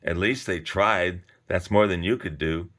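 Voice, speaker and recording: Small stubborn tree, man reading: earnest, low-voiced, lightly lifted. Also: a little slow, fairly bright tone. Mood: defiant.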